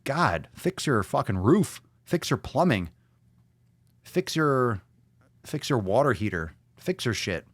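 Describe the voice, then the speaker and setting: A man's voice: mid-range voice, big pitch swings, slow, no room sound. A man hosting a podcast in a brash, profane, mocking rant. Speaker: podcast host. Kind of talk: casual ranting podcast talk.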